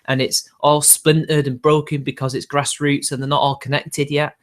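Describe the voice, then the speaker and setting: A man's voice: on the high side, little pitch movement, normal speed. A man hosting a casual livestream, talking off the cuff in a rambling, hedging way with frequent chuckles. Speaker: livestream host.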